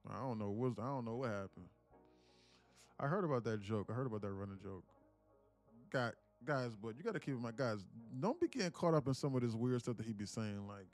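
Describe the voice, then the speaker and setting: A man talking to his live-stream audience in a rambling, excitable way, repeating himself and swearing. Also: on the low side. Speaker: day trading streamer. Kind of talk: casual live-stream commentary.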